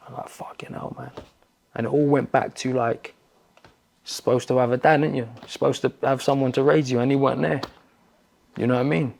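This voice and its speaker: A man, a podcast guest, telling a story in casual talk, animated and swearing freely. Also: medium pitch, fairly quick, creaky. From London. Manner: animated, swears freely, acts out quoted exchanges.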